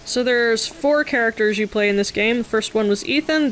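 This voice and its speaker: A woman's voice: on the high side, moderate pace, hardly any pauses, a bit bright, faint music behind. A woman commenting on a video game, making joking, sarcastic asides. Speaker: let's play streamer.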